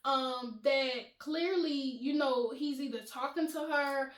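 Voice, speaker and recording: Animated high-voiced woman telling a story. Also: slow pace. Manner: animated, chatty, laughs often, addresses viewers as y'all. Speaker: storytime vlogger. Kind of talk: casual storytelling to viewers. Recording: roomy echo.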